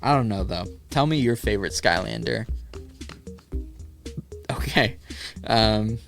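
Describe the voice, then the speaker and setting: A man's voice: medium pitch, slow, creaky, pauses often, faint music behind. A man hosting a solo podcast in casual chat, riffing sarcastically and swearing freely. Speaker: podcast host.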